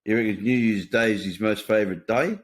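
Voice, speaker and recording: Blunt man hosting, low voice. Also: fairly quick. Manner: blunt, matter-of-fact, swears freely. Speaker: podcast host. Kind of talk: casual conversation.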